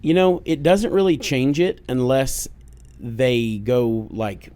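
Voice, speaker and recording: A man's voice: mid-range voice, slow, dark tone, smooth. A man co-hosting a podcast, talking in casual banter with jokes and profanity. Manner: joking, profane, rambling. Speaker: podcast co-host. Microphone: studio podcast mic.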